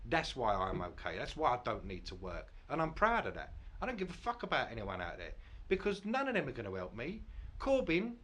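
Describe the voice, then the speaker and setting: A man's voice: mid-range voice, a bit bright. A man in his late forties, arguing bluntly and swearing freely in a heated podcast debate about politics. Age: 40s. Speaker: podcast host.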